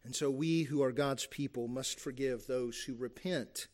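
A man's voice: mid-range voice, unhurried, darkish tone. A man preaching a sermon, earnest and emphatic, asking his listeners rhetorical questions and briefly acting out what people say.

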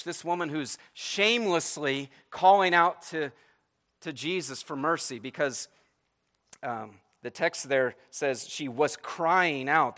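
A pastor with a mid-range voice preaches an animated sermon. While retelling a story, he slips into dramatic pleading voices and keeps checking in with "right?"

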